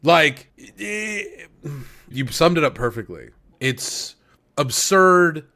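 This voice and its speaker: A man co-hosting a podcast who talks about anime in an excitable, emphatic, freely profane way. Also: on the high side, slow. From United States. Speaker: podcast co-host. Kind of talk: casual anime review chat.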